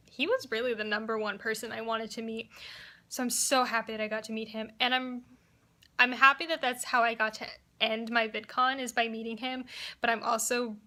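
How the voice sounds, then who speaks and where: A woman's voice: fairly high pitch, pushed and bright. A woman vlogging casually, chatty and retelling conversations with plenty of "like" as filler. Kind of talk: casual vlog recap.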